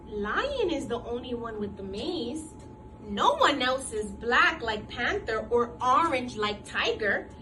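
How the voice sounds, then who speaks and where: A woman teacher leads an interactive read-aloud with children, using a high, lively voice and lots of encouragement. She sounds bright and energetic. The recording is a little distant, with faint room ambience behind her. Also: slight background noise. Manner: animated, encouraging.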